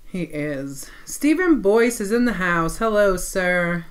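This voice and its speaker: A woman co-hosting a casual live stream, relaxed and friendly, greeting viewers by name and sharing travel tips. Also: on the low side, slow pace.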